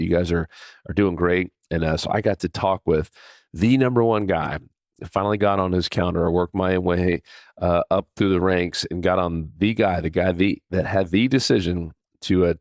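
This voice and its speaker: A man's voice: deep voice, no room sound, studio quality. A man hosting a podcast, telling a personal story in a casual, conversational way with many fillers and restarts. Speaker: podcast host.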